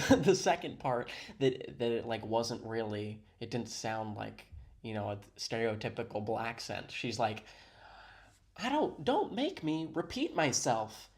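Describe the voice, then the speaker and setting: A man's voice: mid-range voice, darkish tone. A man hosting a reaction video, giving sarcastic, mock-admiring commentary.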